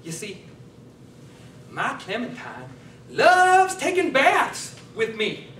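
A man putting on a high-pitched folksy rural guy. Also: huge pitch swings, fairly bright tone, heavily acted. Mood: folksy proud. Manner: slow, folksy, exclaiming. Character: folksy rural man in overalls, eager and dim. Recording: echoey hall, mic at a distance.

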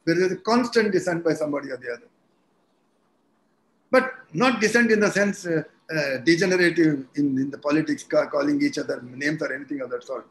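Elderly man, echoey room. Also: a little high. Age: around 80. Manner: measured, explanatory, animated when telling stories. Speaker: guest, retired judge. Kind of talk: conversational interview, storytelling. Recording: echoey room with faint background noise.

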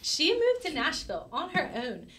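A woman's voice: high voice, huge pitch swings, moderate pace, bright, forceful tone, a little hiss or hum. A young woman from Georgia, chatting animatedly as a podcast guest and laughing often. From LaGrange, Georgia. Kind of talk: casual chat.

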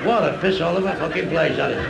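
A man's voice: fairly high pitch, fast, creaky, very noisy. A man with a Mancunian accent doing a crude stand-up comedy routine, chuckling at his own punchlines.

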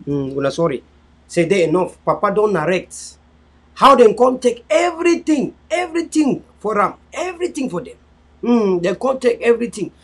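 A man with a Cameroonian Pidgin English accent giving an impassioned live-stream address, repetitive and preachy, swinging between loud pleas and low murmurs. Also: gravelly, breathy edge.

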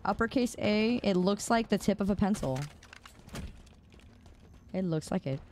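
Her mid-range voice is animated yet a little slow and somewhat mellow as this young streamer plays a shooter game. She greets viewers by name, laughs a lot and keeps the live chat casual, while clicking and noise sit behind her voice.

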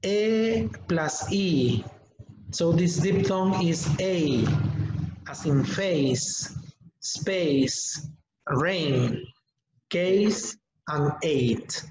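A man teaching English pronunciation in an online webinar, modeling words slowly and deliberately for students to repeat. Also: on the high side, lively intonation, a little mellow, a little hiss or hum. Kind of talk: online webinar lesson, drilling sounds. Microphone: computer mic on a video call. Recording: echoey, dull lo-fi webinar audio.

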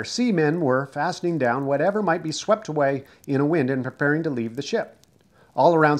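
A man reading a children's book aloud, expressive and dramatic, shouting out the characters' cries. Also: mid-range voice. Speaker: storyteller.

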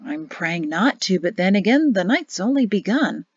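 A woman's voice: medium pitch, sing-song, moderate pace, breathy edge, dry recording. Give me a grim, earnest male guard, voiced by a woman, recorded dull and dry. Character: male forest guard, grim yet apologetic.

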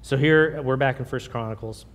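A man preaching an informal sermon with personal testimony, earnest and halting, with many fillers and restarts. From Oregon. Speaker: lay preacher. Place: church sanctuary. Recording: long hall reverb, faint rumble.

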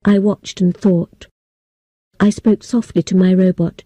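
A woman narrating a story for English learners in a plain, steady, clearly paced reading. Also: mid-range voice, unhurried, dry recording.

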